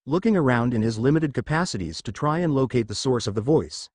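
A man narrating a fan fiction story in a steady storytelling manner. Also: mid-range voice, a little fast, dry recording. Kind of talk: fan fiction audiobook reading.

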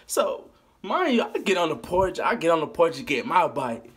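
A man with a fairly high, husky voice tells a story in casual vlog fashion. He is animated and profane, laughing along with his own tale. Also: normal speed. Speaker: vlogger.

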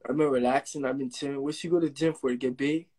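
A man's voice: mid-range voice, fairly even intonation, fast talker, darkish tone. A young man hosting a casual phone livestream, bragging and trading insults with a caller in a brash, taunting way. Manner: brash, trash-talking, repetitive taunts. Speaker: livestream host.

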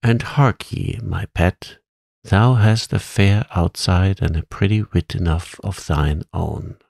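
A man's voice: sits low, slow, vocal fry, darkish tone, dry recording, studio quality, full character voice. A man voicing a cunning, doting old witch with a coaxing, conspiratorial manner in a storybook reading.

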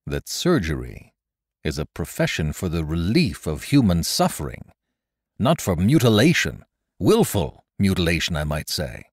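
A man's voice: deep voice, sing-song, moderate pace, no room sound, clean studio sound. A man voicing a severe middle-aged surgeon who speaks bluntly and emphatically. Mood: stern.

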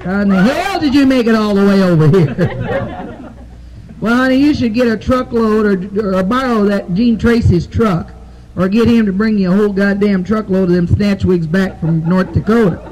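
Here a woman comic works a nightclub audience through a stage microphone, telling bawdy, foul-mouthed stories joke after joke, stretching out her "I said, he said" delivery and chuckling at her punchlines. Her pitch is medium and her tone darkish, and the audio is poor.

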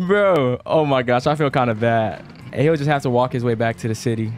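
An excitable man narrating his gameplay in loose slang, laughing and jumping up in pitch whenever things get wild. His voice sits at an ordinary middle pitch, with faint music playing underneath. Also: brisk. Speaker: gaming video host. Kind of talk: casual game commentary and role-play.

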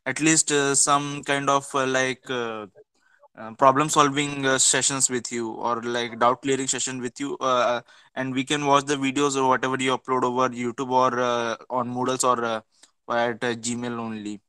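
A man's voice: mid-range voice, level tone, moderate pace, sharp tone, smooth, no room sound, low-quality recording. A male student on a video call, politely addressing his teacher with many fillers. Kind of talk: online class discussion.

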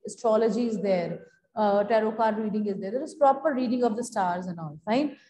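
In a reverberant room, a female English teacher with an Indian English accent talks students through a play, switching between English and Hindi and calling them beta. Her voice sits at medium pitch, mellow and fairly quick.

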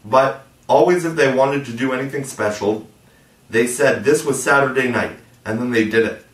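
A man reading a children's classic aloud as narration, lifting his voice for the children's lines. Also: moderate pace. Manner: reads steadily, puts on higher voices for the children. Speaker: audiobook reader. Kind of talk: scripted narration. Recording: echoey room, mic at a distance.

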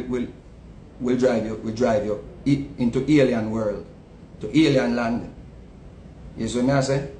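A man with a Jamaican accent giving a casual, animated commentary, often repeating words and swinging between loud outbursts and low asides. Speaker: online commentator. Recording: echoey room with faint rumble.

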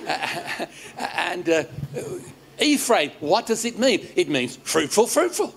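High, unhurried Australian pastor in church. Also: male voice, expressive, creaky, a crowd in the background. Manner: restarts words, jokes, quizzes the audience. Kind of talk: lively sermon to a congregation. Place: church service.

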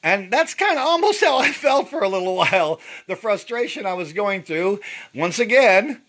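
A man's voice: high-pitched, sing-song, moderate pace, fairly bright tone. A middle-aged man casually walking through his own painting, rambling with lots of fillers and restarts. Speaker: painter showing his artwork. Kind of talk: casual walkthrough commentary.

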